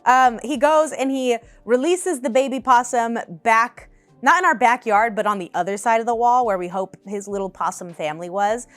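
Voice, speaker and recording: A woman in her twenties, a vlogger in her apartment, telling animated, casual storytime chat and laughing often. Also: fairly high pitch, moderate pace, no echo, faint music behind.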